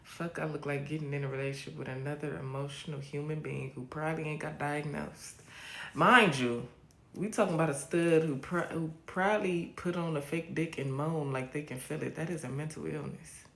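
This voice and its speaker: A young adult woman hosting a casual live stream, answering viewer comments in a blunt, profane, sassy way with drawn-out repeats. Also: low-pitched, fairly even intonation, fairly bright tone. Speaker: livestream host. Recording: roomy echo.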